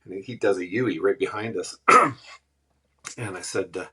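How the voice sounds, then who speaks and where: Man, low gravelly voice with a bright husky edge, lively storyteller on a podcast. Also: moderate pace. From Western Canada. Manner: animated, laughing anecdotes with acted quotes. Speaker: musician guest. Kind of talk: casual storytelling.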